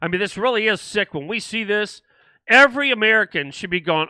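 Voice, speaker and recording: Older man, high bright voice, dry close sound; indignant livestream host who restarts sentences. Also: lively intonation, normal speed, no echo. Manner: indignant, repetitive ranting with restarts. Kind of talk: political livestream commentary.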